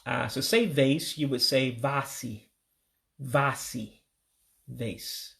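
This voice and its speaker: A man from the United States teaching household vocabulary in a casual lesson, patiently repeating each word slowly and closing with religious blessings. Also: mid-range voice, vocal fry, fairly bright tone. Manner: religious sign-offs. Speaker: language learner teaching vocabulary.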